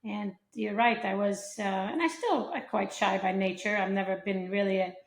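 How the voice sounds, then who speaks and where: A woman's voice: mid-range voice, moderate pace. A woman from Sweden, answering interview questions modestly and with hesitant fillers. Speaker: guest, professional golfer. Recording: echoey room.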